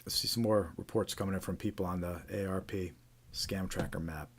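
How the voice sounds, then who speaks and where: A man's voice: sits low, fairly even intonation, fairly quick, slightly rough. A man hosting a live stream, casually reading out reports with frequent fillers and restarts. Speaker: host.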